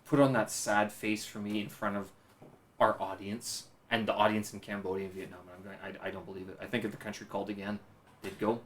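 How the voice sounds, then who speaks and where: A man from Canada hosting a casual podcast chat, teasing his guest with quick, profane questions. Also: on the low side, fairly even intonation, slight background noise. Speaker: podcast host.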